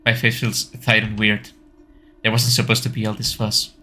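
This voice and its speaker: A man's voice: on the low side, completely flat delivery, moderate pace, pushed and bright. A man reading the inner voice of a nervous, anxious teenage schoolgirl, hesitant and self-doubting. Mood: panicked.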